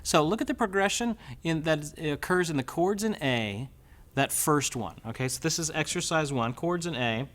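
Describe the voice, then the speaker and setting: A man's voice: fairly high pitch, expressive, moderate pace. A man teaching a guitar lesson step by step, patiently counting beats aloud as he plays. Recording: loud guitar under the voice. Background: his own guitar playing.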